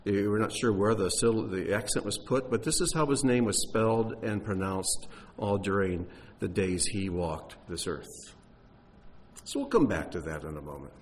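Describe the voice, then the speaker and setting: A man's voice: fairly low pitch, lively intonation, moderate pace, a little hiss or hum. A man teaching on Bible texts, explaining in a conversational way with occasional fillers.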